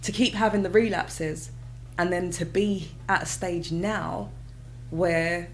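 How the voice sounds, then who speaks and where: A British woman, a mother, telling her own story in a casual interview, lively and expressive, often acting out her past reactions. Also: lowish voice, slow pace. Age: adult with children. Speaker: guest.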